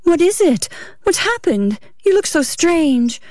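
A woman reading the part of an anxious, breathless young wife, raising her voice higher for the character. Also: very animated, measured pace, a little mellow, no echo, clean studio sound, heavily acted.

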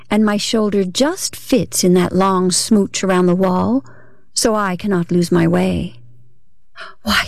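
A woman's voice: medium pitch, a little mellow, no echo, clean studio sound. A woman reading a first-person story aloud, in a dramatic, unsettled manner with a shifting tempo. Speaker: reader.

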